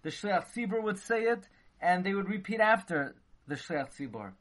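A man's voice: high-pitched, animated, moderate pace, fairly bright tone. Man giving a lecture. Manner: dense with Hebrew and Yiddish terms, acts out dialogue. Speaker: rabbi teaching Torah. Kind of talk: Torah lecture.

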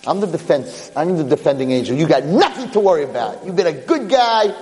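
A man voicing a cheery male defending angel who reassures with excitement, his voice climbing high. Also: fairly quick. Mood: excited. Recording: long hall reverb.

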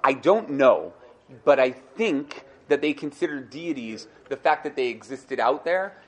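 A young man giving a lively Torah class. He acts out the people he quotes and thinks out loud as he goes. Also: measured pace. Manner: animated, acts out quoted speakers with rising pitch; thinks aloud, repeats and restarts. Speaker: Torah teacher.

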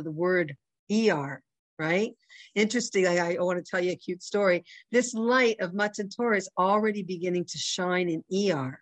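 A woman's voice: lowish voice, no room sound. A woman with a Canadian accent teaching an informal religious lesson in a conversational way, often checking in with her listeners. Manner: conversational, checks in with "right?" and "you know". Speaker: Torah class teacher.

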